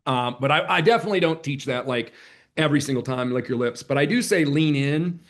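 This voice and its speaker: A man running a live online sales training, chatty and energetic, joking about himself as he coaches. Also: medium pitch, a little fast. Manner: energetic, chatty, self-deprecating. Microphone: computer mic on a video call.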